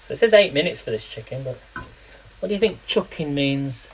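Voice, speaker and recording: A man's voice: fairly high pitch, animated, fairly quick, a little hiss or hum, low-quality recording. Chatty man cooking live. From England. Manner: chatty, rambling, laughs often, quizzes viewers. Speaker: live-streaming home cook. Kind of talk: casual live cooking chat.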